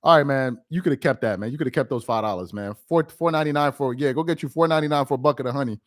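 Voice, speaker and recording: A man's voice: mid-range voice, rapid-fire, no echo, studio quality. A man doing casual live-stream sports commentary, laughing often and trash-talking.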